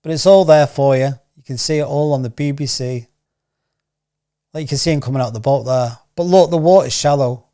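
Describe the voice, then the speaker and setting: A man's voice: medium pitch, a little fast, dark tone. A man hosting a casual news commentary channel, rambling and firing off rhetorical questions. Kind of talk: casual opinion commentary to camera.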